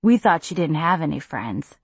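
A woman's voice: sits low, sing-song, moderate pace, breathy edge, dry recording, voice pushed down, exaggerated voice. A woman voicing an easygoing, teasing teenage boy in an audiobook.

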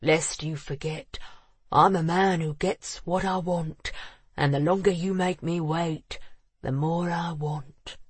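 A softly threatening, self-assured man, as an audiobook narrator puts him on. He speaks quietly and slowly, savoring each word. The voice is a little husky and the recording dry and close. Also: medium pitch, fairly even intonation, dry recording. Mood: menacing. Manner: soft, slow and threatening.

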